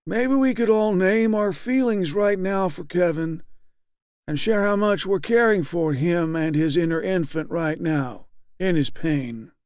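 A man voicing a round male support-group leader with a high, hoarse voice who talks in a bland, didactic way, as if to a slow child. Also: darkish tone, dry recording, studio quality. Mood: soothing. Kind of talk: audiobook character reading.

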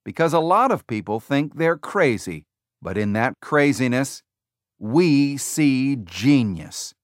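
A confident tech executive speaking to a keynote crowd, as a male narrator quotes him. The words come deliberate and slow, with weight on each phrase. The recording is close and dry. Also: medium pitch, very animated, dry recording. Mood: emphatic. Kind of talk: quoted speech within audiobook narration.

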